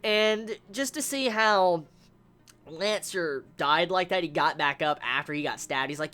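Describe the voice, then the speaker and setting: A young man excitedly reviewing an anime episode in casual talk, swearing often and stumbling over repeated words. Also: a little high, measured pace.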